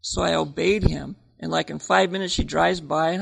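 A man's voice: a little high, fairly even intonation, moderate pace, vocal fry, hardly any pauses, very noisy. A man telling his side of a story at a sermon, in a conversational way with self-mocking humor.

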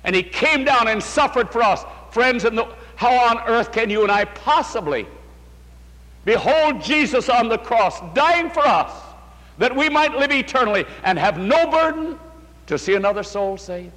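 A man's voice: very high-pitched, expressive, normal speed, fairly bright tone. An older man preaching a sermon, telling his story with emotion and calling his listeners "my friends.". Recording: long hall reverb.

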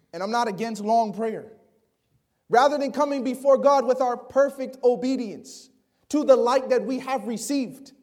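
A very high-voiced man preaches, reading scripture aloud and asking the congregation questions, often dropping into a hushed, near-whispered voice for emphasis.

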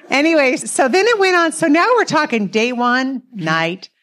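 Her voice sits high and sounds a bit bright and animated, though she speaks a little slowly. The middle-aged co-host recounts her own marriage story in a relaxed, talkative way, breaking into laughter frequently.

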